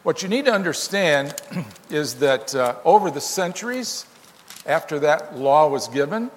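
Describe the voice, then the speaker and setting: A man preaching a sermon, explaining scripture with emphatic, animated reading. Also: a little high, a little slow, slight background noise. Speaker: pastor. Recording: long hall reverb.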